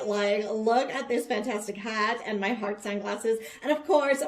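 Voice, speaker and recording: A high, chirpy valley-girl voice , put on by a woman, belonging to a bubbly, trend-obsessed young social media manager. She drawls unhurriedly and scatters "like" and "totally" everywhere. It's a comedic character monologue. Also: fairly bright tone. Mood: gushing.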